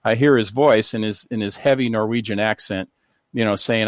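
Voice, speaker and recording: An older man from the United States speaks as a talk show guest, with a lowish voice that sounds close and dry. He winds through personal stories in a loose, meandering way, full of "you know" and false starts. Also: steady tone, moderate pace, no echo. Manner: rambling, many fillers and restarts. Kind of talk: casual interview storytelling.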